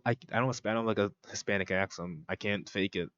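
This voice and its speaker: A man's voice: low-pitched, fairly quick, few pauses, fairly bright tone, no room sound. Rambling joking male streamer, dry dull mic. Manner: rambling, joking, mock-French asides. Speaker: streamer reacting to a cooking video. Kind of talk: casual reaction commentary.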